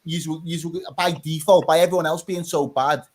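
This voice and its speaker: A man hosting a casual football podcast, talking in an animated, joking way. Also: a little high, fairly quick. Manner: animated, laughing, swears. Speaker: podcast host.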